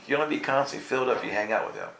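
Male New pastor, gravelly edge, playful and interactive preaching style. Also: medium pitch, rapid-fire, a bit bright, slight background noise. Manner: playful, acts out voices, quizzes the congregation. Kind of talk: lively live sermon.

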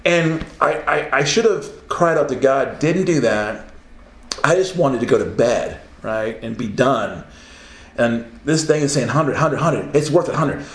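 A man's voice: medium pitch, a little slow. A man, a self-published Christian author, telling a story in casual conversation and acting out the voices he heard. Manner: animated, laughing storyteller who acts out voices. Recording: roomy echo, faint background noise.

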